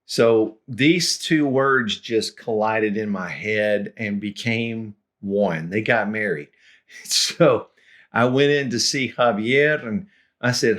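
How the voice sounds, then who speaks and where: A middle-aged man, a language tutor, telling funny stories from his learning in a relaxed, chuckling way and clearing his throat now and then. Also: on the low side, slow pace. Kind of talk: anecdotal lesson storytelling.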